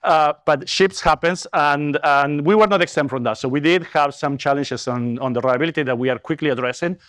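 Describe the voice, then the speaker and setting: A man's voice: on the high side, a little fast, a bit bright, dry recording, studio quality. A man with a Latin American accent presenting at a business conference, earnest and upbeat, with fillers and self-corrections. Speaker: company executive presenter.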